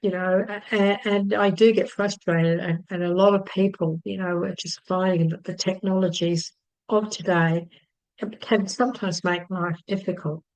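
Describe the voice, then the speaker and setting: A woman teaching emotional tapping, repeating calm affirmations and then talking chattily with fillers and little laughs. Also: fairly low pitch, moderate pace, rough recording. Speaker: EFT healing teacher. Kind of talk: guided tapping session and casual talk.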